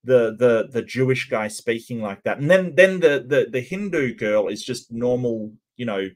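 A man's voice: medium pitch, animated, normal speed. A man casually commentating on a cartoon and answering his chat, stumbling over many repeated starts.

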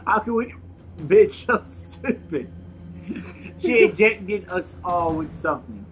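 A man reading a note aloud in a put-on voice, playing a doomed young woman, slow and melodramatic. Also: high-pitched, expressive, a bit bright. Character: doomed young woman writing a dying diary.

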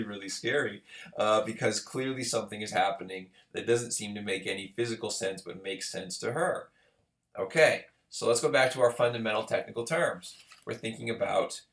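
A man giving a recorded literature lecture in a conversational way, often checking in with the listener. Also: fairly low pitch. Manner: conversational, checks in with "right?" and "okay". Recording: roomy echo.

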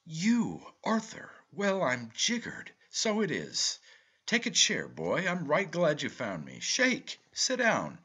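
A man voicing a loud, hearty American uncle, husky and lively. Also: low-pitched, normal speed, full character voice. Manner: loud, exuberant, excited exclamations. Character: hearty, blunt middle-aged American uncle.

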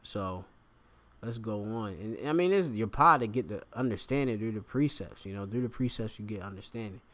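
A man's voice: fairly low pitch, animated, moderate pace, fairly bright tone. A man giving an informal scripture lesson, reading verses aloud and stopping often to explain words, with many fillers. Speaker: bible teacher.

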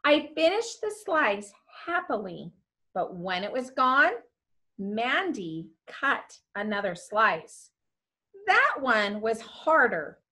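Teacher lady reading a book aloud to her class, slow and super expressive, asks them questions. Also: fairly high pitch.

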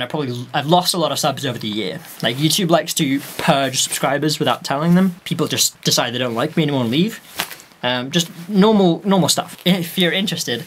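A young Welsh man rambles casually and wryly to the camera from his desk in a dim room, meandering and laughing at himself. His mid-range voice sounds pushed and bright.

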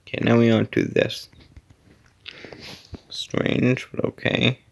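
A man's voice: medium pitch, flat delivery, takes it slowly, gravelly. A man giving casual commentary while playing an obstacle-course game, muttering to himself, sometimes dropping to a whisper and sometimes exclaiming at setbacks.

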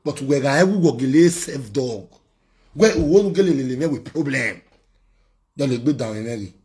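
A man's voice: medium pitch, lively intonation, normal speed, darkish tone. A man with a Nigerian accent, a blogger ranting heatedly, scolding and warning in a vlog.

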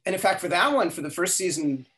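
An older man, the interview guest, tells anecdotes in an animated way and plays out every quote. His voice sits a bit high for a man. His sentences often stop and restart. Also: fast talker. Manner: animated storyteller, acts out quotes, frequent restarts. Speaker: guest, language inventor. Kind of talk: storytelling interview.

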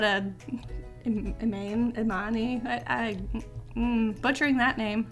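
A woman giving casual let's-play commentary, chatty and excitable as she reacts aloud to the game. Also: a little high, unhurried, soft background music. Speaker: gaming video creator.

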